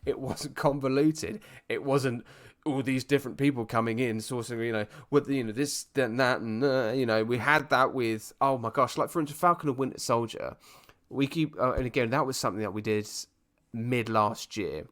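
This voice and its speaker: A man from the UK co-hosting a casual podcast chat, talking in an animated, rambling way with restarts. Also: mid-range voice, moderate pace. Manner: animated, rambling, puts on voices and laughs often. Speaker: podcast co-host.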